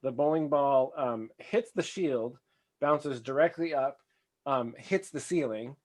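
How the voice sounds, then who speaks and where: A man acting as game master, narrating in a relaxed, playful, halting way. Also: mid-range voice.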